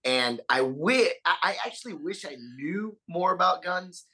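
Man, podcast guest, bright forceful voice, lively storyteller. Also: high-pitched, measured pace. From Texas, USA. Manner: animated, swears freely, acts out quotes. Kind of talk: casual storytelling chat.

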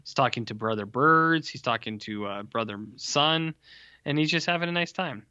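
A man's voice: mid-range voice, expressive, normal speed, sharp tone, smooth, no room sound. A man co-hosting a casual podcast, making dry, joking asides. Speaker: podcast co-host. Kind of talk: casual chat. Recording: dry, muffled lo-fi mic.

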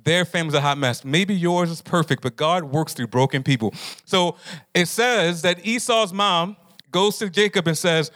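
A pastor preaching to a live group, talking easily and often turning to his listeners with questions. His voice sits somewhat high for a man. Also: moderate pace, a bit bright. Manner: conversational, asks the audience questions.

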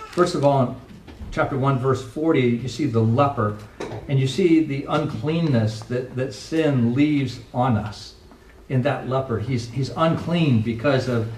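A middle-aged pastor preaching a sermon with earnest, emphatic delivery, recorded from a distance in a church sanctuary. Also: male voice, mid-range voice, a little mellow, a little hiss or hum. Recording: echoey room, voice from a distance.

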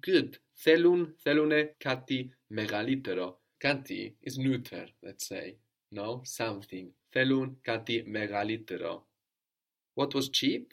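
A man's voice: on the low side, unhurried, gravelly. A man teaching a Greek lesson, patiently explaining grammar step by step and prompting his student with questions.

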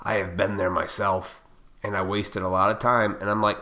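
A man with a bright, forceful voice rants straight at his audience. He is blunt and profane, and he lectures them with heated intensity. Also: lowish voice, flat delivery, moderate pace. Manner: heated, fired up. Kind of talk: ranting monologue to viewers.

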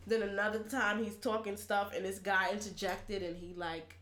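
A woman's voice: mid-range voice, moderate pace, echoey room. A woman chatting casually, telling a story with swearing and voicing the people in it. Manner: animated storytelling, profane, acts out quotes. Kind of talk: casual chat.

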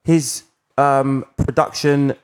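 A man's voice: medium pitch, fairly even intonation, takes it slowly, slight background noise. A man hosting a casual podcast chat in an office, joking and cutting in often. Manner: laughing, jumps in often. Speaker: podcast host. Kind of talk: casual banter.

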